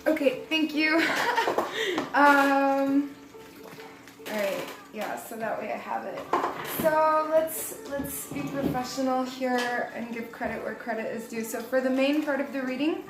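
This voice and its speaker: A woman's voice: high-pitched, a little slow, roomy sound, very noisy. A young adult woman giving a casual, rambling tarot reading, chatty and laughing at herself. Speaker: tarot reader.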